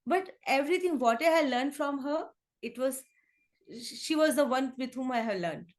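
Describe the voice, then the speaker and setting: A high-pitched woman with an Indian accent speaks as an interview guest. She talks earnestly and conversationally, slipping between English and Hindi and leaning on fillers as she searches for words. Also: lively intonation, normal speed. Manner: switches between English and Hindi, many fillers like "and all", "you can say"; earnest, emotional in places. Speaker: interview guest, kindergarten teacher.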